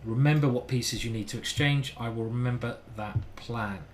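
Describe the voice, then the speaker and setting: A man's voice: medium pitch, normal speed, slight background noise. Chatty man commentating chess. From United Kingdom. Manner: chatty, talks to chat, thinks aloud. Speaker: chess streamer and grandmaster. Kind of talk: live-stream chess commentary.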